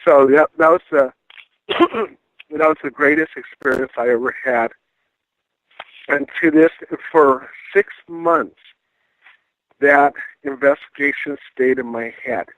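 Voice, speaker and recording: A middle-aged man, a paranormal investigator, telling a ghost story in a casual, animated way and acting out the voices he quotes. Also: fairly high pitch, takes it slowly, long pauses. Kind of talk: casual storytelling on a radio call-in. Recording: dry tinny phone line.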